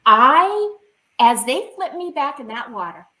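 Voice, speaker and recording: A woman's voice: high-pitched, big pitch swings, unhurried, pushed and bright, reverberant, low-quality recording. A woman guest on a video call, recounting a personal experience in vivid, emotional detail.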